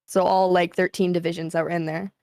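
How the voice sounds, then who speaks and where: A young woman hosting a live stream, telling a story in a casual, animated way, swearing freely. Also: fairly low pitch, a little fast, no echo, studio quality. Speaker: streamer host.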